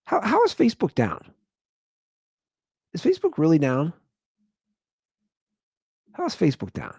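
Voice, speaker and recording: A man in his thirties hosting his own comedy podcast, rambling through a monologue and jumping into high, incredulous exclamations. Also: huge pitch swings, a little slow, gravelly, darkish tone, breathy edge, dry recording, clean studio sound.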